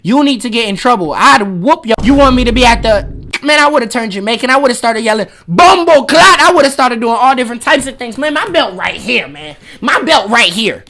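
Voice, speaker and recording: A young man in his twenties with a notably high voice hosts a reaction video. He riffs loudly in slangy, mocking jokes, talking casually over the clip. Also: animated, fairly quick. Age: 20s. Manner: loud, mocking, joking slang.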